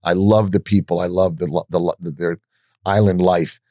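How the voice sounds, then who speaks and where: A man telling his story as a podcast guest, blunt and profane, animated and full of restarts. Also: low-pitched, normal speed, dry recording, studio quality.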